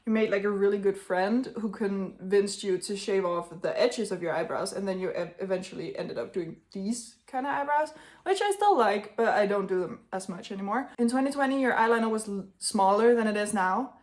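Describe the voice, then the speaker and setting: Speaking briskly in a medium-pitched voice, a woman in her twenties vlogs casually to the camera. She addresses her younger self in a chatty, blunt way, with plenty of swearing.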